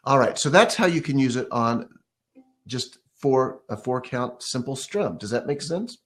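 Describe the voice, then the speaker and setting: A man's voice: mid-range voice, animated, unhurried, soft background music. A man giving a casual ukulele lesson, explaining step by step and counting beats or scatting rhythms aloud as he plays. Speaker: ukulele teacher. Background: ukulele playing.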